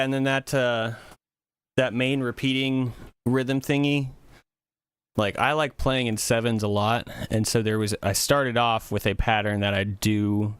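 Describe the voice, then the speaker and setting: A man's voice: mid-range voice, clear, resonant tone, dry recording. A man chatting casually on a music livestream, rambling and thinking aloud with many fillers. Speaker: music streamer.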